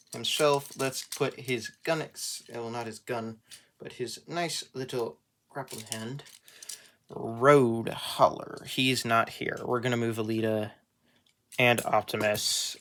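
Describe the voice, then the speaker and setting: A man's voice: medium pitch, pushed and bright. Man, casual toy review, rambling, self-mocking jokes, small collector channel. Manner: rambling, joking, self-deprecating.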